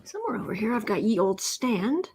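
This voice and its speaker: A woman's voice: mid-range voice, sing-song, brisk, very noisy. A woman chatting casually on her live stream at home, laughing often and cooing at her cat.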